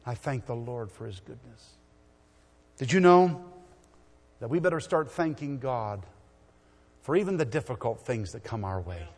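A middle-aged man preaches in a church, rising to loud exhortation and then dropping to hushed storytelling. His voice sits at an ordinary pitch. It rings with the long reverb of a big hall. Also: lively intonation, normal speed, gravelly, breathy edge. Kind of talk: sermon.

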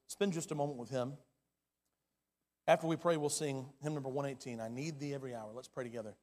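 A man preaching a sermon as pastor, his delivery swinging from loud and urgent to hushed and quiet. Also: mid-range voice, steady tone, quick pace. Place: church sanctuary. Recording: long hall reverb.

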